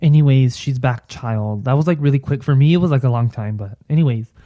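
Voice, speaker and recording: A man's voice: mid-range voice, a little fast, warm tone, no room sound, clean studio sound. A young man hosting a casual solo podcast, rambling and playful with lots of fillers. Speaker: podcast host.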